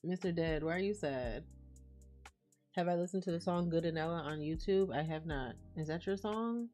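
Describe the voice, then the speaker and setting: A woman's voice: fairly low pitch, moderate pace, mellow, soft background music. A woman streaming live, chatting casually and reading out and answering messages from her chat. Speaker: livestreamer.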